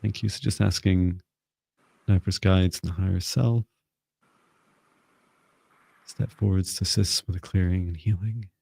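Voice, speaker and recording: A man hosting a live psychic reading, speaking gently and calmly with frequent ums. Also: deep voice, a little slow, gravelly, long pauses, breathy edge, no room sound. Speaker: psychic mentor, co-host.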